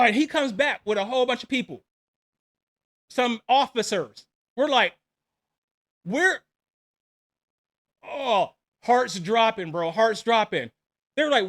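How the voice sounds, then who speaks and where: Army vet guy in his 40s telling war stories, bright punchy voice, acts out all the dialogue. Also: extremely high pitch, measured pace, long pauses. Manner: animated, acts out dialogue, laughs between lines. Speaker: army veteran storyteller. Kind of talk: casual personal storytelling.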